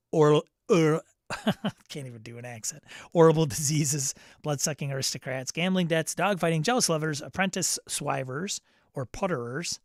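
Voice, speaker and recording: A man talks through a rundown in a loose, chatty way, reading out listings and then breaking off into asides. His voice sits a little high for a man. The sound is very dry and close, with no room around it. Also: dry recording. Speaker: podcast host. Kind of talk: casual solo news rundown.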